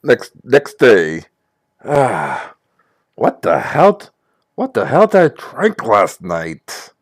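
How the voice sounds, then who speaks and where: A man's voice: mid-range voice, no room sound, studio quality. A man playing a ship captain in a tabletop game, talking in character with many restarts. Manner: halting, restarts a lot, swoops up when excited.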